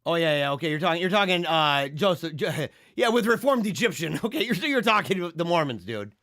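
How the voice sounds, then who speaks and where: Man, livestream host, casual chat, animated, bright tone, dry close sound. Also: on the high side, no echo. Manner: animated, laughing, drawn-out slang.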